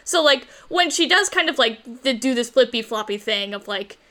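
Bright chatty woman talking film. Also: a little high, animated. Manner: quick, chatty, thinks aloud with fillers. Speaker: podcast co-host. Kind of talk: casual film discussion.

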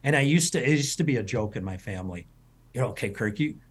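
A man's voice: mid-range voice, animated, quick pace, husky. A middle-aged man, a culinary school president, chatting as an interview guest and telling rambling stories with many restarts. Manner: rambling, repeats words, warm storytelling. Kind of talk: casual interview chat.

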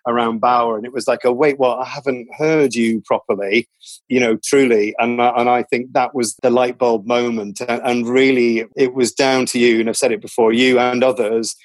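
A man's voice: mid-range voice, little pitch movement, moderate pace, few pauses, no room sound. A man, a radio company executive, talking in an earnest, reflective way in an interview, often restarting his sentences. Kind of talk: conversational interview.

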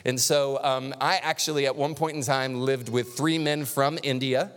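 A man preaching a sermon as pastor, animated and conversational, with touches of humor. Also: medium pitch, normal speed, in a large hall.

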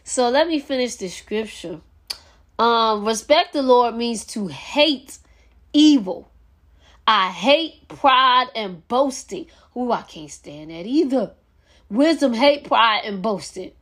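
A woman hosts a faith podcast and works through scripture in a casual teaching style. Her voice sits a little high. She is earnest and preachy, often repeating a line to drive it home. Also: expressive, slow, fairly bright tone. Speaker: podcast host.

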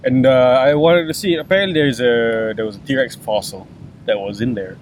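A man co-hosting a podcast outdoors, joking around with a sarcastic tone and casual swearing. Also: moderate pace. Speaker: podcast co-host. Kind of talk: casual chat. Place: outdoors on a lawn by a city street. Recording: faint traffic rumble outdoors.

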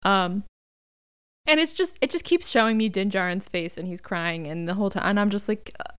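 Young adult woman, podcast co-host, chatty and animated, smooth clear voice. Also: mid-range voice, fairly quick. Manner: chatty, animated, laughs and acts out reactions. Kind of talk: casual fan podcast chat.

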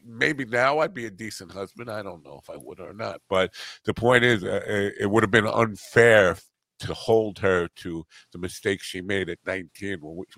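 A man's voice: lowish voice, fairly bright tone, no echo. A man in his fifties hosting a podcast, telling rambling stories that keep breaking off, and laughing at his own tales. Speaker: podcast host. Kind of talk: casual chat, storytelling.

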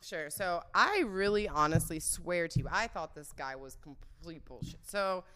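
Young female podcast host, low pitch, swooping delivery, frank and profane, laughs easily. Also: moderate pace. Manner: candid, profane, giggly, animated storyteller. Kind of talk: casual storytelling.

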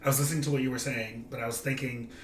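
A man's voice: mid-range voice, little pitch movement, very fast, reverberant, distant mic. A man co-hosting a casual podcast, explaining his ideas earnestly and reflectively, thinking them through as he talks. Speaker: podcast co-host. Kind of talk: casual chat.

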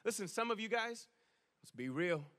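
A man preaching a sermon in a conversational, animated way, with casual slang and frequent rhetorical questions. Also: sits high, moderate pace. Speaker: pastor.

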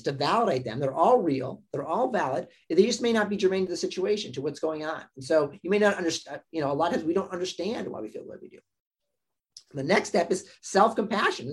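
A man's voice: a little high, breathy edge. A man working as a psychologist, talking through his methods as a podcast guest. He explains in a patient, teaching way, often tagging his points with "right?" and voicing what a patient might say to themselves. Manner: teaching tone, tags many points with "right?" and "all right"; acts out patients' inner voices in quotes. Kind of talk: explanatory interview talk.

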